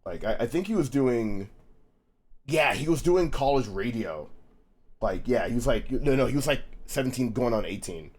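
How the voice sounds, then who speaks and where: A young man streaming live, telling a story in casual chat, animated, laughing often, repeating words as he goes. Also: mid-range voice, moderate pace, slightly rough.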